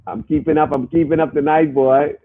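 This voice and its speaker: A man hosts a podcast, talking casually and emphatically to his listeners and circling back over his phrases. His voice sits a little high and comes across husky. It plays back thin and tinny, like a phone line. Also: little pitch movement, a little fast. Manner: emphatic, repeats and restarts phrases. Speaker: podcast host.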